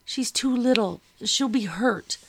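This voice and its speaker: A woman's voice: a little high, slow pace, a little hiss or hum, pitched above the performer's own voice. A woman voicing a desperate young girl who pleads to protect her little sister. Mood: pleading. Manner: pleading, urgent.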